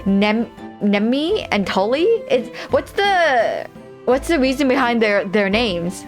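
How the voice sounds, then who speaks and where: A woman's voice: a little high, lively intonation, takes it slowly, faint music behind. A woman streamer chatting casually and giggling as she reacts to her chat while playing a game.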